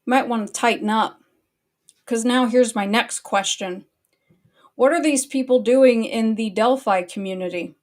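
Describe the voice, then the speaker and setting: A woman with a voice on the higher side runs her own commentary stream. She speaks casually and bluntly, and swears freely in a sustained annoyed rant. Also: measured pace, darkish tone. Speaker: online commentary host.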